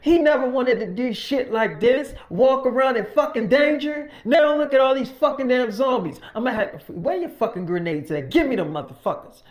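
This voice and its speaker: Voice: sits high, animated, normal speed, few pauses, pitched above the performer's own voice. A storyteller voicing a cruel, domineering male survivor leader in an improvised tale, profane and threatening. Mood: scolding. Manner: profane, threatening, barking orders.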